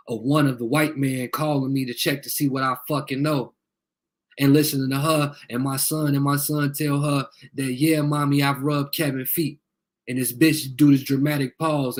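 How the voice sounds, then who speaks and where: A man speaking into his phone on a live video, confrontational and profane, repeating himself as he appeals to viewers. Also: on the high side. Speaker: livestreamer asking viewers for help. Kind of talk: heated live video rant.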